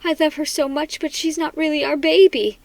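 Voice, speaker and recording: A woman's voice: high-pitched, animated, normal speed, no echo. A woman voicing a firm, scolding mother in a storybook reading. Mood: stern, upset. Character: stern, weary mother of a young boy.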